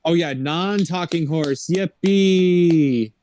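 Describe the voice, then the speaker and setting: A man's voice: fairly high pitch, a little slow, over a noisy crowd. A man co-hosting a podcast, casually rambling through a movie plot and mimicking the characters. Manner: rambling plot recap with mock character quotes. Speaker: podcast co-host. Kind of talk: casual movie review chat.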